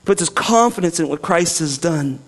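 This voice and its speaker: A man with a high-pitched voice preaches a sermon. He is earnest and swings between quiet, slow passages and loud, emphatic ones. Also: lively intonation. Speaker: pastor.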